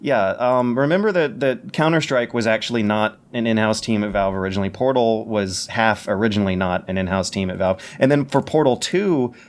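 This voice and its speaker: Fast-talking, stammering podcast man. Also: on the low side. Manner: fast, stammering, self-correcting enthusiasm. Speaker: podcast co-host. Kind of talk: casual podcast chat.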